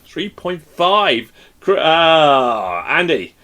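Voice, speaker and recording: A man hosting a casual music review panel, rambling with many fillers and bursts of excitement. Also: a little high, extremely slow. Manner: rambling, lots of ums and restarts, lively exclamations. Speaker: podcast host. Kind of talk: casual panel chat over video call.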